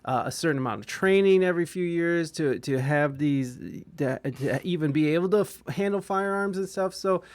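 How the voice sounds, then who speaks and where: A man's voice: fairly high pitch, normal speed, hardly any pauses. A man from Ohio hosting a casual podcast chat, talking in a profane, rambling way with many stammers and restarts. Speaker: podcast host.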